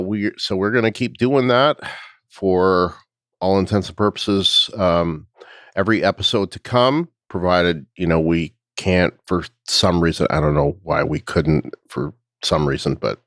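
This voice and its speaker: A man's voice: sits low, unhurried, fairly bright tone, no room sound, clean studio sound. A man hosting a podcast in casual chat, talking hesitantly with many fillers. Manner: hesitant, full of fillers and restarts. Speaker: podcast host.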